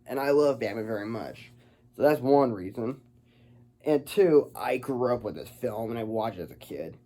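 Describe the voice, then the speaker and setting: A man's voice: mid-range voice, animated, moderate pace, dark tone. A man giving a casual film review, rambling and stumbling over his words.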